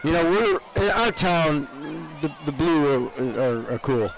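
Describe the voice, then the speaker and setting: A man's voice: a little high, lively intonation, a little slow, a faint crowd, rough recording. An older man from upstate New York, co-hosting live parade coverage outdoors, chatty and rambling, with frequent laughs. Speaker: parade co-host.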